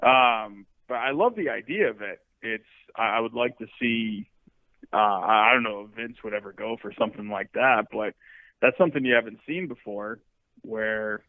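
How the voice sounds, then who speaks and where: A man's voice: on the low side, normal speed, no room sound. A man calling into a show, rambling and searching for words as he chats casually. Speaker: caller. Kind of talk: casual phone chat. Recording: tinny phone line.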